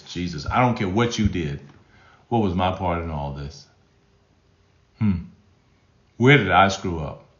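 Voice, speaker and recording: A male relationship coach talking on a live stream with a lively, animated pitch that swoops up and down. He drives his points home by repeating key phrases and often restarts his sentences. The room sounds echoey and a little dull. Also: a little slow, long pauses. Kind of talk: live-stream teaching, reading chat comments. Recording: roomy, slightly dull sound.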